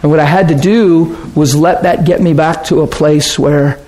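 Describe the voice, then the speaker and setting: Guy preaching, high voice, gets loud then goes real quiet, storytelling sermon. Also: normal speed. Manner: excitable, swings from shouting to hushed.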